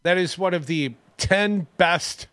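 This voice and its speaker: A man's voice: high-pitched, slow pace, fairly bright tone, dry recording. A man co-hosting a radio talk show, joking and mocking in casual political chat from a studio. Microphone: studio microphone.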